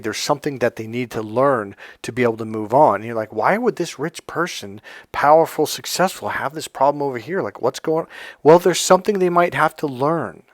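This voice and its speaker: A man talking as a life coach in a casual motivational monologue, telling personal stories and acting out quoted exchanges with sudden high-pitched bursts. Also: no echo, studio quality.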